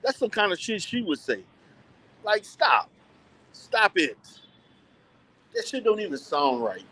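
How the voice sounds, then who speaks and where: A man chatting casually with live viewers while shopping in a mall, blunt and animated, laughing often and repeating himself. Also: sits high, measured pace.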